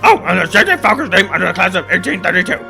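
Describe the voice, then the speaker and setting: A man voicing a pompous, high-strung male rooster lawyer who speaks loudly and haughtily. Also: sing-song, racing, gravelly, faint music behind, exaggerated voice. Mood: haughty. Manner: loud, haughty, indignant.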